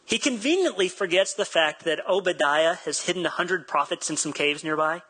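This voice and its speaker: Pastor guy telling a story in his sermon, bright clear voice, a bit high, laughs a lot. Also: steady tone, normal speed, poor audio. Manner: chatty, self-deprecating, laughs easily; acts out quoted dialogue.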